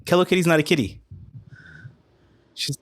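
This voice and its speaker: A man's voice: a little high, normal speed, a bit bright, no echo. Laid-back chuckling man, dry sound. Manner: laid-back, chuckling, reads event details. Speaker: podcast co-host. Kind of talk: casual chat.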